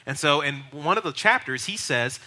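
A man's voice: on the high side, lively intonation, normal speed, pushed and bright. A young man, a pastor, giving a casual, conversational teaching on evangelism and acting out quoted voices. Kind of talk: sermon teaching.

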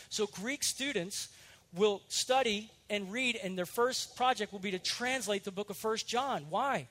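High-voiced pastor teaching earnestly. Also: male voice. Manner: earnest, conversational, with lively asides and self-corrections. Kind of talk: teaching sermon.

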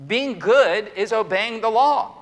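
A man's voice: high voice, animated, takes it slowly, fairly bright tone. A middle-aged male pastor preaching an earnest sermon, full of emphatic rhetorical questions. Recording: long hall reverb.

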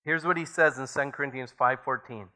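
A man's voice: mid-range voice, fairly quick, pushed and bright. A man preaching a sermon as pastor, reading scripture aloud and building to emphatic points.

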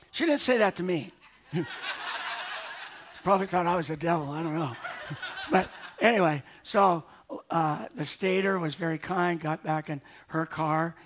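A pastor preaching a sermon, telling a personal story in an animated way and chuckling at himself as he goes. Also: a little high, a little hiss or hum. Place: church sanctuary.

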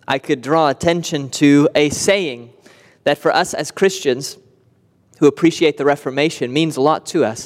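A man's voice: fairly high pitch, big-room sound. A man preaching a sermon earnestly, with vivid imagery and rhetorical repetition. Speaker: pastor.

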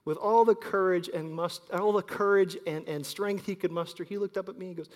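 A man in his thirties preaching a sermon as pastor, telling stories and swinging between loud emphasis and quiet asides. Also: high voice, fairly quick, hardly any pauses. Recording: long hall reverb.

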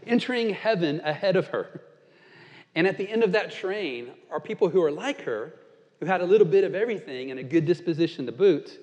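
A man's voice: fairly high pitch, darkish tone, dull audio. Earnest male preacher in a reverberant hall. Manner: storytelling, earnest and conversational. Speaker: pastor. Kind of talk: sermon.

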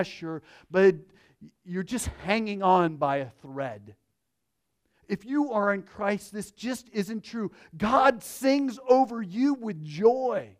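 A man preaching with a high voice and an unhurried pace. He is earnest and swings between hushed, reflective phrases and emphatic lines. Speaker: pastor. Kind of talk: sermon.

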